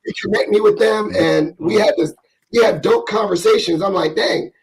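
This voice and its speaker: Raspy-voiced man hosting a podcast. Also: sits high, moderate pace, over a noisy crowd, rough recording. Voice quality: raspy, gravelly voice. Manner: easygoing, self-joking, slangy. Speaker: podcast host. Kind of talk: casual podcast chat.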